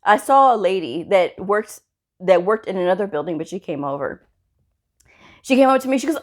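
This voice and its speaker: A woman in a casual advice vlog, talking straight to her viewers like a friend. She tells her stories in a chatty, animated way and leaps up in pitch when she retells what others said. She checks in often with little asides. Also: fairly quick. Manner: chatty storyteller, often checks in with "okay?" and "you know what I mean?". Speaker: medical coding vlogger.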